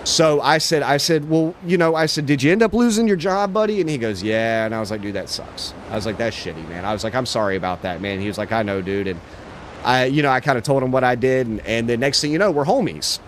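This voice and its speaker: A man's voice: medium pitch, animated, fast, a little hiss or hum. A man livestreaming a game, chatting casually in a laid-back, slangy way with lots of swearing. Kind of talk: casual chat while gaming.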